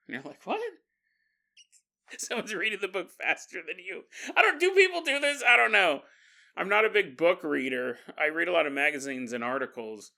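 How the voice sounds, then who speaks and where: Host, male, bright and slightly high voice, casual joking storyteller who acts out the quotes. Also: expressive, brisk, creaky. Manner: jokey, acts out quoted voices, laughs often. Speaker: podcast host.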